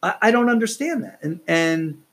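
A man's voice: sits high, animated, moderate pace, fairly bright tone. A man hosting a solo podcast, ranting in a profane, exasperated, rambling way. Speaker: podcast host.

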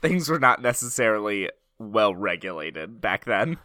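A man's voice: fairly low pitch, sing-song, measured pace, sharp tone, no room sound. A man co-hosting a podcast, chatting about an old film and adding trivia and dry corrections. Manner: adds trivia and wry corrections. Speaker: podcast co-host. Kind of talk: casual film discussion.

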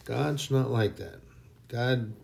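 A man's voice: medium pitch, fairly even intonation, slow, vocal fry, a little mellow, a little hiss or hum. Folksy, emphatic male preacher. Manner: folksy, emphatic, with mocking put-on voices. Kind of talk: informal sermon.

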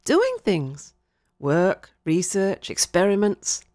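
A woman voicing a calm, wry woman scientist who speaks in a measured, faintly teasing way. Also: on the low side, dry recording, clean studio sound, full character voice. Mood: matter-of-fact.

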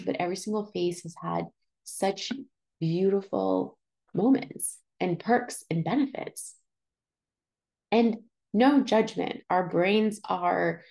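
A woman's voice: mid-range voice, creaky, a little mellow. A young adult woman, hosting a podcast in a frank, playful, chatty monologue and acting out the complaints she quotes. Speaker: podcast host. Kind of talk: casual monologue.

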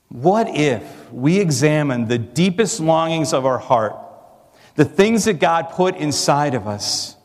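Guy preaching a sermon, earnest and emphatic, lots of rhetorical questions, echo trails off long. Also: fairly high pitch. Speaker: pastor.

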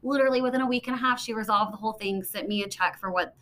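A woman hosting an interview podcast, chatty and quick, laughing easily as she talks about her work in schools. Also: fairly high pitch, fairly bright tone. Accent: Texan. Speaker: podcast host, school administrator. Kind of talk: casual interview chat.

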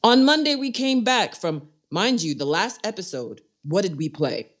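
A woman hosting a casual live talk show, joking and riffing with her co-hosts in lively banter. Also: normal speed. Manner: animated, jokey, swoops up into high squeals when excited. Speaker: podcast and radio show host.

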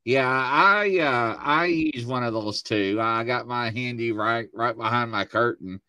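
A man hosting a casual chat show from his studio, telling stories with lively acted-out quotes. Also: mid-range voice, measured pace, no room sound. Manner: animated storyteller, acts out quotes. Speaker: host. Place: home studio.

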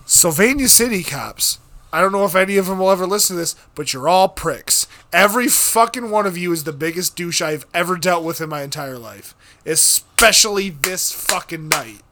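Profane young man, high and bright. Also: moderate pace. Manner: profane, animated, bursts into shouting when reenacting. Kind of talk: casual storytelling chat.

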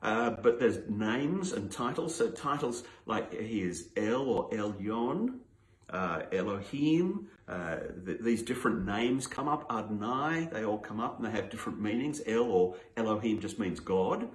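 A man preaching a teaching sermon, explaining points step by step in an unhurried, teacherly way. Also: on the low side, lively intonation. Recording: roomy echo.

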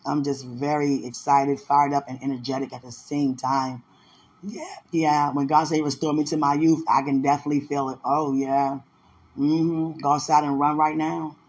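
A woman hosting a casual, faith-filled podcast, excitable and playful, laughing often and swinging between loud outbursts and soft murmurs. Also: sits low, moderate pace, slightly rough, low-quality recording. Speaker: podcast host.

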